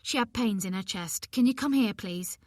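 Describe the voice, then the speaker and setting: A woman reader voicing a shaken, worried woman caller with a raspy voice in an audiobook. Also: mid-range voice, normal speed, a little mellow, no echo, studio quality, natural voice. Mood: urgent.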